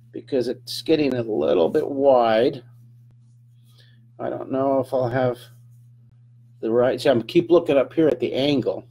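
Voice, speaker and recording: A man's voice: medium pitch, dark tone, breathy edge. Chatty upbeat man teaching drawing. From California. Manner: chatty, upbeat, talks to viewers while drawing. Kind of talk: casual live drawing lesson.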